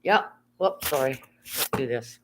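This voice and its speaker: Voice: mid-range voice, animated, measured pace, noisy background. A live streamer in casual chat, rambling and reading viewer comments aloud, talking from bed into a phone held in hand. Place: at home, lying in bed.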